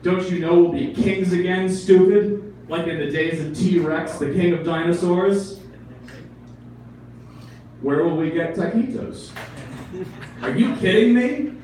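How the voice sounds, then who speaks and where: A man's voice: sits high, steady tone, measured pace, mellow, slight background noise, voice pushed up. A man voicing two bickering, self-pitying city pigeons in a poem he reads aloud. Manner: bickering, sarcastic. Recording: echoey room, mic far off.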